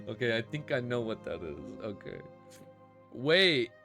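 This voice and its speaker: Laughing man reading a web novel aloud. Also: fairly low pitch. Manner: laughs often, breaks off into excited asides. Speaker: web novel reaction host.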